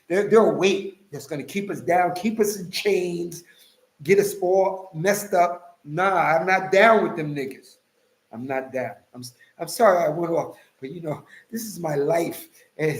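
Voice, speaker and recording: A man giving an impassioned, casual religious monologue, swinging between loud outbursts and low mutters. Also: roomy sound, rough recording. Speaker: religious commentator.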